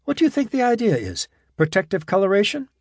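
A man's voice: high-pitched, wildly swooping pitch, fast talker, dry recording, clean studio sound, pitched above the performer's own voice, heavily acted. A man doing an eager, curious explorer. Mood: amazed.

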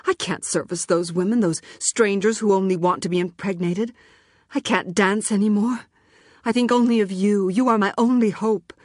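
A man's voice: high voice, expressive, brisk, hardly any pauses, a bit bright, husky, no echo, studio quality, pitched above the performer's own voice, exaggerated voice. A woman reading the lines of a desperate young man begging his former lover to let him stay. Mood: desperate pleading. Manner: pleading, frantic.

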